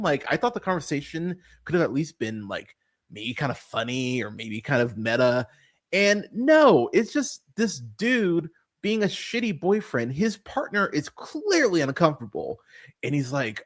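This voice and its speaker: A man's voice: on the high side, moderate pace. A man hosting a movie review podcast, talking in a casual, profane, exasperated rant. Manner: animated, swearing, exasperated.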